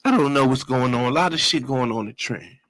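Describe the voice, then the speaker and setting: In a mid-range voice and at a quick pace, a man from Brooklyn casually tells the story of his life as a guest, swearing freely and adding vocal sound effects. The audio is rough, with no room sound.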